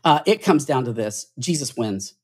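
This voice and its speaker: A man with a husky voice talks as a podcast guest, earnest and preachy. He restarts his phrases often and climbs higher in pitch when a point moves him. His delivery is heartfelt and insistent. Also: animated, moderate pace. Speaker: podcast guest, church author. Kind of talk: podcast interview.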